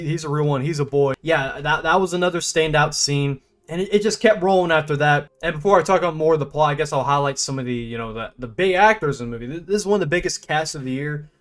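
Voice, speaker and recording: A young man talks through a film in a loose, rambling review, stumbling over restarts and fillers. His voice sits a bit high, and he jumps into animated, laughing bursts. Faint music plays softly behind him. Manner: rambling, stop-start, many fillers and restarts. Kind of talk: casual spoken movie review.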